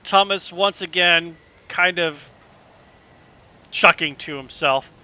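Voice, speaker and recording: A man running a tabletop game with a bright, slightly high voice. He narrates slowly and loosely, dropping fillers and curses as he goes. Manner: loose, casual, with many fillers and swearing. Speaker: game master.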